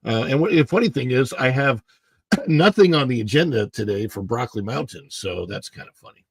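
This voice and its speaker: Man, livestream host, rambling casual chat, hoarse morning throat, gravelly. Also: mid-range voice, lively intonation, fairly quick, no echo. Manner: rambling, chatty, greets viewers by name. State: morning throat, clearing it often. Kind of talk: casual livestream chat reading viewer comments.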